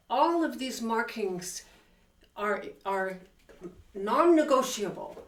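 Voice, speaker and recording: A woman's voice: mid-range voice, animated, a little slow, far from the mic. A woman teaching piano, counting beats and singing rhythms aloud while she plays, emphatic and enthusiastic about accents and articulation. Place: room with a piano. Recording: roomy, from off-mic, loud piano. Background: piano playing.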